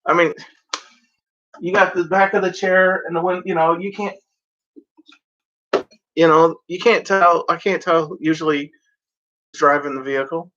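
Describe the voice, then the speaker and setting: Sitting at home before a blanket, a man delivers a rambling, profane vlog rant, imitating other drivers mockingly. His somewhat high, slightly bright voice keeps fairly even intonation and a measured pace with long pauses, captured in a dull lo-fi home recording.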